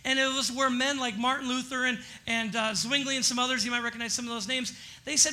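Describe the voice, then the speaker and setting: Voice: high-pitched, steady tone, fast talker, bright, forceful tone. A pastor giving a conversational sermon in a church, questioning the congregation as they go. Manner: chatty, polls the congregation with questions. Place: church sanctuary before a congregation.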